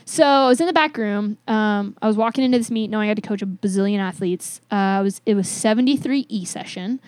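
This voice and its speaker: A young adult woman, a weightlifting coach, telling stories in a candid, animated way with some swearing in a casual podcast chat. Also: mid-range voice, fast talker, no echo. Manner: candid, animated storyteller who swears freely.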